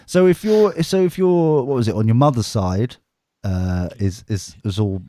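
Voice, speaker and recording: A man's voice: mid-range voice, expressive, measured pace, mellow. A man co-hosting a casual podcast, teasing his guest and laughing often. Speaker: podcast co-host. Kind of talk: casual banter.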